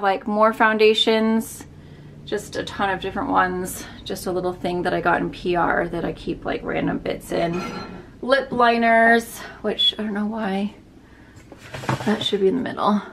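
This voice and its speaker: A woman's voice: mid-range voice, steady tone, normal speed, a bit bright, slight background noise. A woman giving a casual, chatty tour of her bedroom filming room as a beauty vlogger, upbeat and full of fillers.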